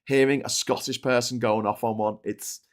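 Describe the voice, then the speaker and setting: Male host, mid-pitched, exasperated ranting through a casual news rundown. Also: fairly even intonation, normal speed. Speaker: livestream news show host. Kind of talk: casual news commentary reading viewer chats.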